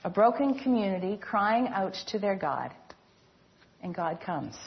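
A woman pastor preaching a sermon, measured and earnest, letting her phrase endings fall soft and low. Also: sing-song, vocal fry, highs cut off.

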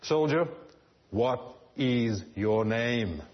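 A man voicing a stern ancient emperor who demands answers from a soldier, in a raised, forceful voice. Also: mid-range voice, animated, slow pace, dull audio.

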